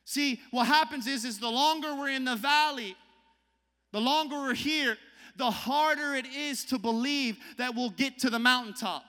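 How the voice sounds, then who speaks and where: A young man preaching a sermon in a church, moving from hushed storytelling to passionate shouted calls to the congregation. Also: very high-pitched, normal speed, long reverb tail. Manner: impassioned, repeats rallying lines, swings from hushed storytelling to shouting. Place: church hall.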